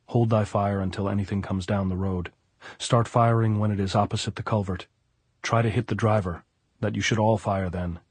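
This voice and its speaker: A man reading a calm, exacting commander. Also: lowish voice, normal speed, breathy edge, no echo. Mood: directing. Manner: instructive, steady, archaic speech.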